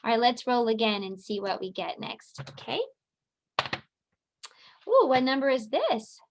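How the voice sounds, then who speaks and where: A woman runs a virtual circle time for little kids, drawing out her words slowly. Her voice sits a bit high and lilting, always gently encouraging. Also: sing-song, noisy background. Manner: slow, sing-song, encouraging talk to small children. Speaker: preschool teacher. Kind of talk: virtual circle time lesson for young children.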